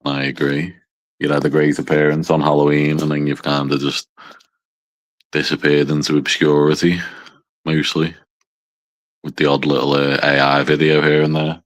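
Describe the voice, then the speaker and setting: Very deep, flat-voiced man with a mild Liverpool-area accent. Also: moderate pace, long pauses. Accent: mild northwest English, near Liverpool. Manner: dry, self-deprecating teasing with swearing. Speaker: livestream host. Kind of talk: casual banter to a small live chat.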